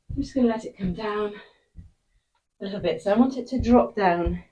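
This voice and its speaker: A woman's voice: medium pitch, moderate pace, long pauses, mellow. A woman coaching a workout follow-along, out of breath, giving short encouraging cues between efforts. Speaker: fitness instructor. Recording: voice picked up from a distance.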